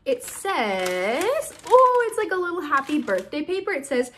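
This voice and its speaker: A woman's voice: very high-pitched, sing-song, unhurried, a bit bright, slight background noise. A woman in her early twenties, chatting bubbly and gushing as she opens and reads fan mail aloud in a casual vlog. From United States. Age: early 20s. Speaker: YouTuber opening fan mail.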